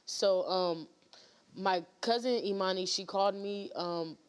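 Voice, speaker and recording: A woman's voice: medium pitch, measured pace, clear, resonant tone. Rambling woman guest, full of fillers. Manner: rambling, many fillers and restarts. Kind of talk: emotional storytelling on a talk show.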